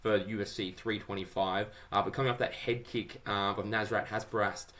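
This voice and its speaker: An Australian man hosts a podcast in relaxed, chatty talk, tossing in "mate" as he goes. His voice sits low but sounds bright and forceful. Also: fairly quick. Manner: upbeat, chatty, says "mate" often. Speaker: podcast host. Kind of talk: casual chat.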